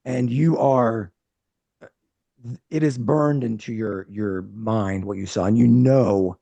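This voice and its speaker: A man's voice: on the low side, takes it slowly, gravelly, warm tone, no room sound, highs cut off. A man narrating as game master of a tabletop role-playing game, rambling with frequent restarts. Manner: rambling, hesitant, many restarts.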